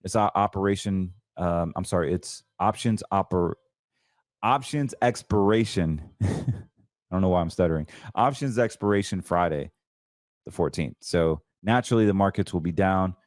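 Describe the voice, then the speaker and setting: A man with a fairly low voice talks casually about trades, chatty and emphatic, stumbling now and then and correcting himself. The sound is dry and close, with no room around it. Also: normal speed, no room sound. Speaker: financial show host. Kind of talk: casual market commentary.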